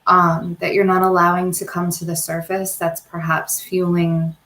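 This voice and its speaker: A woman with a somewhat low voice, fairly low for a woman, chats openly as a podcast guest. She laughs easily, and the recording has a roomy echo. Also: completely flat delivery, fairly bright tone. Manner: quick to laugh, open and chatty. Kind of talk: casual interview chat.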